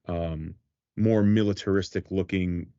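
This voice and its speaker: A man with a New Jersey accent, a toy brand team member casually answering questions in a roundtable, relaxed and rambling, over a video call. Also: deep voice, measured pace, no room sound, lo-fi sound. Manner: relaxed, rambling, laughs easily.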